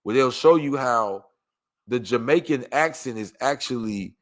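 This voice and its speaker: A man's voice: medium pitch, unhurried. A man hosting a podcast, chatting loosely and joking as he reacts to a video, now and then reading aloud. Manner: loose, joking, preachy asides. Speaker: podcast host. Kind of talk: casual reaction chat.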